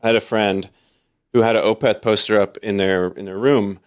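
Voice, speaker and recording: Deep-voiced dude rambling through tour stories, lots of "like" and restarts, dry close sound. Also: male voice, moderate pace, dry recording. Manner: rambling, many fillers and restarts, animated quoting. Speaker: podcast guest, metal vocalist. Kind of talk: casual chat, storytelling.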